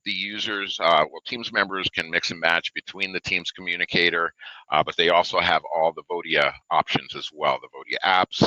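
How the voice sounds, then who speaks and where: A man presenting a software webinar in a loose, conversational way, with lots of fillers, reading questions off a live chat at his desk. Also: deep voice, no room sound, poor audio. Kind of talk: casual product webinar.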